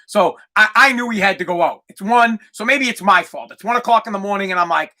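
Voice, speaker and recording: High bright-voiced exasperated male podcaster. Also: fairly quick, hardly any pauses. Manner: exasperated ranting, yells and imitates barking. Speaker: podcast host. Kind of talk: casual comedic rant.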